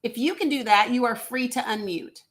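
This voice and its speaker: A woman hosts a live call-in stream, laying down rules firmly and talking bluntly to the people who call in. Her voice is fairly high and bright, and she speaks a little fast.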